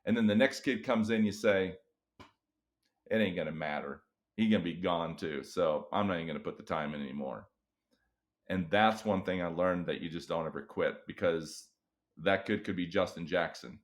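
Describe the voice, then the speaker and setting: A middle-aged man, an experienced educator, talking in a podcast interview and acting out tired teachers with big vocal swings. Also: moderate pace. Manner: animated storytelling, acts out weary teachers with big pitch jumps. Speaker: guest educator and author.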